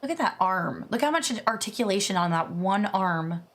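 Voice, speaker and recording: A woman streamer chatting casually as she reacts to videos, excitable and gushing, swearing freely. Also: medium pitch, normal speed. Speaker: VTuber streamer.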